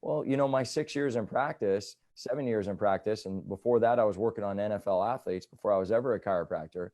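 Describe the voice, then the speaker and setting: A man's voice: on the low side, quick pace. A man in his thirties, a chiropractor, telling patient stories in a casual interview, often tagging "right?" onto his points. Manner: animated storytelling, repeats "right?" often.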